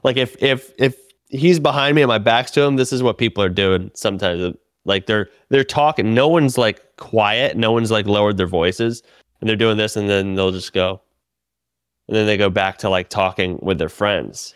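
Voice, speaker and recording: Man, comedian on a podcast, profane animated storytelling, smooth resonant voice, dry close sound. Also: fairly low pitch, moderate pace, no room sound. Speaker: stand-up comedian and podcast host. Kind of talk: casual podcast chat, telling a story.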